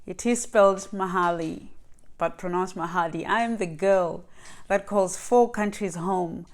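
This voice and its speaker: A young woman from Lesotho chats to her viewers in a casual vlog, pausing often with fillers and restarts. Her voice is smooth and somewhat low, and she speaks at an unhurried pace. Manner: hesitant, with many fillers and restarts. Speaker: vlogger. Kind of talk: casual talking-to-camera vlog.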